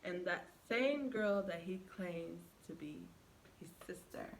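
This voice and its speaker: A woman's voice: lowish voice, takes it slowly, gravelly. Young woman doing a storytime vlog, chatty, talks right to viewers, bit of faint hiss behind. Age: young adult. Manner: animated storyteller who acts out quoted dialogue; chatty, addresses viewers directly. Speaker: vlogger. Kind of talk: storytime vlog, casual retelling.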